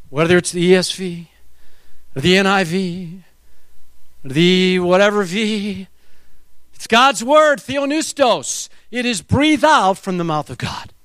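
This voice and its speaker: A middle-aged male pastor preaching a sermon, animated and acting out little scenes as he talks. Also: high voice, no room sound. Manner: animated, acts out voices and quotes.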